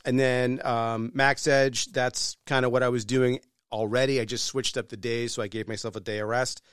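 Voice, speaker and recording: A man on a podcast telling a story in casual, animated chat, swearing freely. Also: mid-range voice, moderate pace, clear, resonant tone, dry recording, studio quality.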